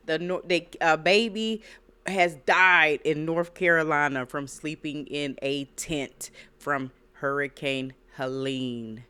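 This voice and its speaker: A woman's voice: low voice, steady tone, slow, pushed and bright, clean tone. A woman hosting reaction commentary, emphatic and preachy, repeating her points. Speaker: reaction channel host. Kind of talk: casual commentary.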